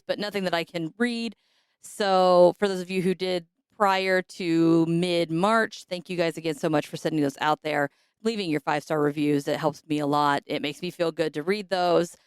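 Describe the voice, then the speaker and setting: Raspy hoarse lady podcaster, low voice, dry close mic, lots of ums. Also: dry recording. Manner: chatty, rambling, with frequent fillers. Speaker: podcast host. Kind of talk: casual podcast announcements.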